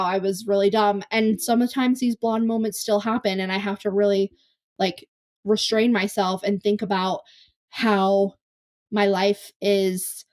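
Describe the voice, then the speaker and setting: A woman's voice: mid-range voice, darkish tone. A young adult woman hosting a casual solo podcast, chatty and self-deprecating, rambling through stories with restarts, her voice a little worn from talking. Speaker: podcast host. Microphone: close podcast mic on camera.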